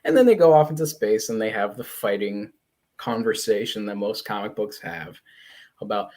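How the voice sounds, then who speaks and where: A man hosting a podcast, recapping a comic in a casual, animated way and swearing freely. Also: fairly low pitch, normal speed. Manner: animated, swearing, acts out quotes. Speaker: podcast host.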